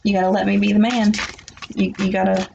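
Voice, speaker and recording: A woman puts on an exasperated man who wants to be let lead, gravelly and fry-heavy. The recording is muffled and lo-fi, with a faint hiss behind it. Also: mid-range voice, flat delivery, brisk.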